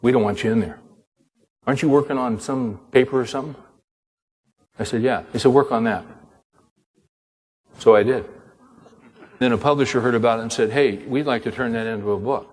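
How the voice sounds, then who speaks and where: An older man delivers a sermon as an animated storyteller, slipping into the voices of the people in his story. His voice sits at a middle pitch and carries a long hall reverb. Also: fairly quick, pauses often. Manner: animated storyteller acting out dialogue. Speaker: pastor and author.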